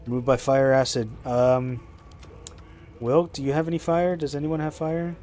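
A young man streaming live, rambling chattily about his game with excitable reactions. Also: medium pitch, measured pace, soft background music. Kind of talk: live gameplay commentary.

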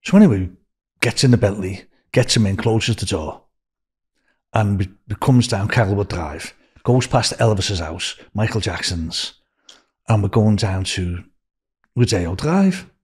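Husky Liverpool man spinning a yarn. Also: lowish voice, a little slow. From Liverpool, England. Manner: rambling, animated anecdote-telling with restarts. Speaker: guest. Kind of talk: casual storytelling.

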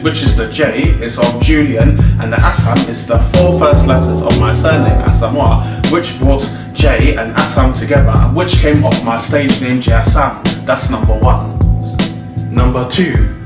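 A young man from Ghana, a comedy YouTuber, talking in loud and excitable bursts. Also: medium pitch, measured pace, roomy sound, loud music behind the voice. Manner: loud, excitable, panicky shouting in sketches. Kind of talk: comedy sketches and to-camera facts.

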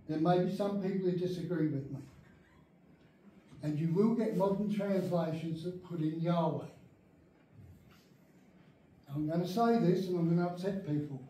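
Guy teaching bible study, high voice, slow and mellow, sounds far off in a big echoey room. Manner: emphatic, keeps checking that listeners follow. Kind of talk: teaching an adult Bible class. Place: church meeting room.

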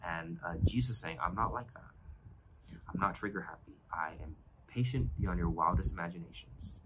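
A man's voice: sits low, normal speed, fairly bright tone, a little hiss or hum, poor audio. A man pastor giving an earnest, reflective devotional sermon, often restarting his phrases.

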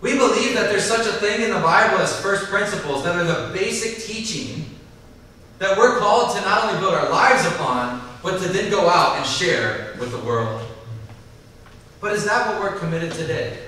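A man preaching a sermon at a church service, animated, acting out the voices of people in the story. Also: high voice, moderate pace, far from the mic, a little hiss or hum. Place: church service in a large hall. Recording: echoey hall, mic from afar.

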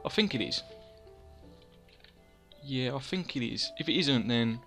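A man's voice: mid-range voice, animated, measured pace, pauses often, fairly bright tone, soft background music. A young man, chatting casually over his gameplay, rambling and mocking himself as he scolds himself in the third person. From England. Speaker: gaming channel host.

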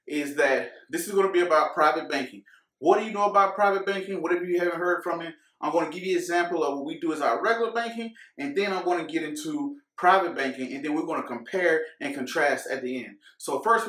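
A man's voice: on the high side, a bit bright, recorded from a distance. A man hosting a finance channel, explaining at a whiteboard to camera in a casual way, repeating points and talking straight to viewers. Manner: casual, repeats himself, talks to viewers as guys. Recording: echoey room, away from the mic.

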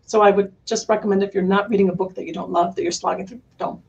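A middle-aged woman talking earnestly about books as a podcast guest, animated and laughing often. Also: mid-range voice, fast talker, gravelly, lo-fi sound. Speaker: curriculum company founder, guest. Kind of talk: conversational interview.

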